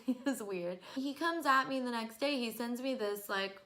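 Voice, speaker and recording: A woman in her twenties telling stories to camera in an animated, exasperated way, often breaking into laughs. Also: a little high, moderate pace. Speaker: vlogger. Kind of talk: casual storytelling to camera.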